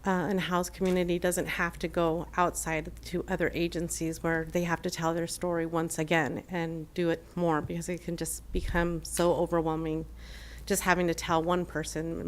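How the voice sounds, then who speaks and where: A woman's voice: on the low side, level tone, normal speed, slight background noise. A woman giving an earnest, emotional public comment at a city council meeting, with many fillers and restarts. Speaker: shelter program manager giving public comment. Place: council chamber.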